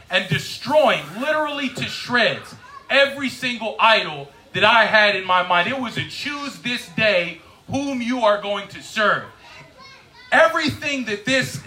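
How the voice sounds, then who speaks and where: A man with a high voice and a very bright, forceful tone tells his story from the stage. He talks quickly and with animation, building up to introducing the next speaker. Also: rough recording. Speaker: event speaker introducing the guest. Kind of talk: personal testimony speech.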